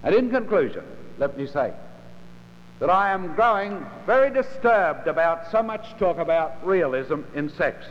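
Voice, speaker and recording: A man preaching a sermon in a measured, emphatic way, with dramatic pauses between phrases. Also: sits high, big pitch swings. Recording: lo-fi recording in a large reverberant hall.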